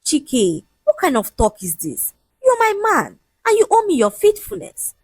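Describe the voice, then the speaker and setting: A woman voicing a heartbroken, outraged young fiancée who pleads and shouts. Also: sits high, wildly swooping pitch, a little slow, no echo, pitched above the performer's own voice, exaggerated voice. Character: heartbroken young Nigerian fiancée, emotional and shrill.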